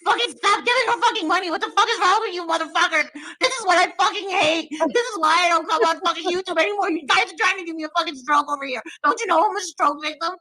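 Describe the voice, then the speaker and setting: A woman's voice: medium pitch, fast talker, sharp tone, rough recording. A woman doing a mocking impression of a profane, jealous woman who rants and screams threats. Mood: shrieking rage. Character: foul-mouthed jealous woman ranting, shrieking threats.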